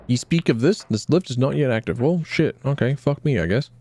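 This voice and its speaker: A man's voice: medium pitch, brisk, a little mellow. A man streaming a video game, joking crudely and often trailing off mid-thought. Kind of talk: casual gaming commentary.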